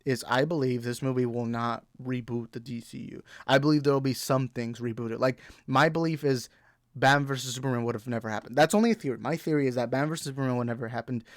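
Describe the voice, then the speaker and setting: A man's voice: mid-range voice, fairly even intonation, quick pace, dry recording. Fired-up young man ranting, dry sound. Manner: blunt, profane, exasperated. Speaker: movie talk show host. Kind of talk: heated ranting commentary.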